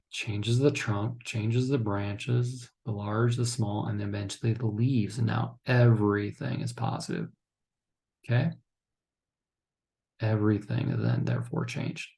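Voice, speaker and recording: Gravelly low-voiced man teaching counselors. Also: measured pace, a little mellow. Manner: instructive, frequent "okay?" check-ins; acts out couples' lines in quotes. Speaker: counseling trainer. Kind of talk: recorded training lecture.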